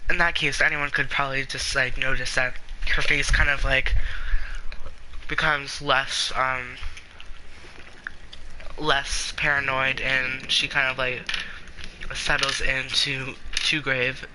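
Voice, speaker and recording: A man narrates a tabletop role-play as game master. His middle-pitched voice is hesitant and full of fillers. A noise floor runs under the voice chat recording. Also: level tone, takes it slowly, long pauses. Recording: background noise.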